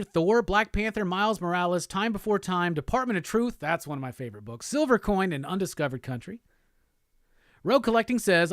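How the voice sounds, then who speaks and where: A man's voice: on the high side, no room sound, studio quality. A man hosting a live show, chatting loosely and profanely while reading viewer comments aloud. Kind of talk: casual livestream chat.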